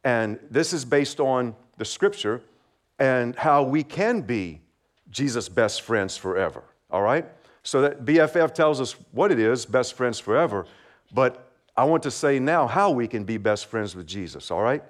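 Guy preaching a sermon, friendly, gets folks to repeat after him, mid pitch voice. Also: animated, a little slow. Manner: friendly, asks for call-and-response, laughs often. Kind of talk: children's sermon.

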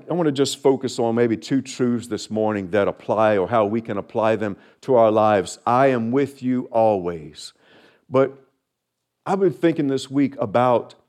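A man's voice: a little high, a little mellow. A man, preaching a sermon in an earnest way, often repeating a key phrase and chuckling as he talks. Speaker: pastor.

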